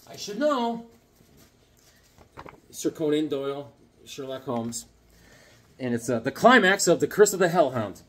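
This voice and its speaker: Excitable husky man in his fifties. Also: a little high, unhurried, long pauses. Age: 50s. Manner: excitable, rambling, jokey. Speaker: comic book vlogger. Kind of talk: casual chat to camera.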